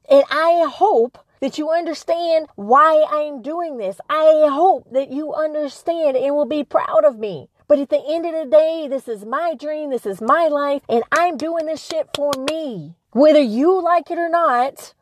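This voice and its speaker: An older woman hosting a podcast, talking in a passionate, blunt, emphatic way that gets loud at its peaks. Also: high-pitched, dry recording. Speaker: podcast host. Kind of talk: motivational podcast monologue.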